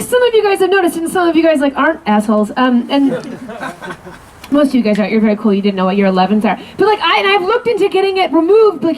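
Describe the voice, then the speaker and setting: A woman's voice: sits high, rough recording. A woman doing a rambling, self-deprecating stand-up set on a backyard stage, full of fillers and restarts. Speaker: stand-up comedian.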